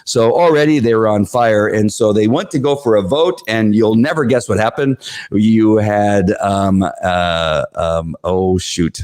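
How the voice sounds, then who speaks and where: A man hosting his own show, recapping a school board meeting in casual talk, animated and full of fillers, jumping up in pitch when he acts out the crowd. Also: measured pace.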